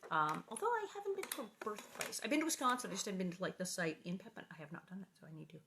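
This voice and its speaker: A woman's voice: medium pitch, animated, very fast, background noise. A middle-aged woman hosting a casual livestream from her living room, chatting in a bubbly, rambling way with lots of asides. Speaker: livestream host reading aloud.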